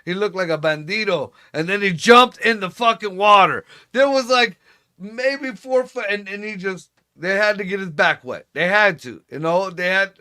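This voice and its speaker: A man chatting on a livestream in a loose, profane and jokey way, full of energy. His voice is fairly high for a man and very bright, with a forward, sharp edge to it. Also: moderate pace, smooth. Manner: profane, joking, animated. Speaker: co-host. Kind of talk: casual livestream chat.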